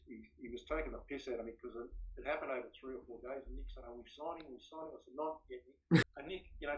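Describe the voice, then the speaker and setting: A middle-aged Australian man in a casual interview, animatedly telling stories and acting out the dialogue. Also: medium pitch. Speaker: interview guest, former footballer and club executive. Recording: dull lo-fi sound.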